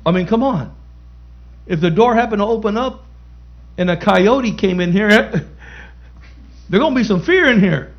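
A man's voice: high-pitched, animated, a little slow, long pauses, lo-fi sound. A man preaching a sermon as pastor, emphatic, repeating key phrases and calling out to the congregation.

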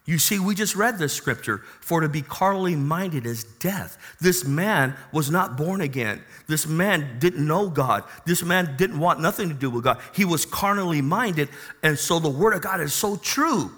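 A male pastor preaching a sermon who swings from quiet storytelling to loud, joyful exclamations. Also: fairly high pitch, lively intonation, moderate pace, slightly rough, in a large hall.

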